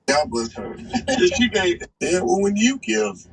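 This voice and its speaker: A man's voice: sits high, big pitch swings, slow, vocal fry, breathy edge, rough recording. A man chatting casually, playful and laughing, then turning earnest. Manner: playful, laughing, swinging between earnest and silly. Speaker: guest speaking in a played clip. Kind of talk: casual conversation.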